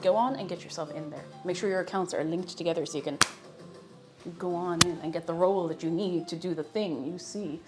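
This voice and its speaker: A woman streamer, chatting casually while cooking on a live stream, playful and often breaking off mid-sentence. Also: medium pitch. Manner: chatty, self-interrupting, playful.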